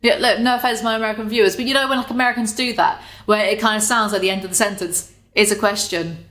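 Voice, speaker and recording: A woman's voice: mid-range voice, steady tone, quick pace, fairly bright tone. A woman commentator with a mid-range voice, chatty and sarcastic. She rolls her eyes through the material in a loose, casual video-commentary style, dropping the odd swear. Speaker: commentary YouTuber.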